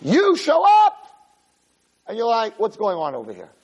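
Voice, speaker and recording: A man's voice: sits high, sing-song, quick pace, darkish tone. A man voicing God as a stern voice rebuking a prophet in a sermon.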